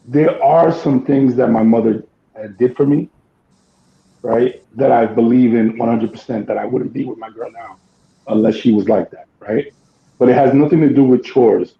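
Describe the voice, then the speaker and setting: A man's voice: mid-range voice, normal speed, gravelly, reverberant, narrow, tinny audio. A man on a relationship podcast, talking in a blunt, emphatic way and swearing freely. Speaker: podcast co-host. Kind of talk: casual chat.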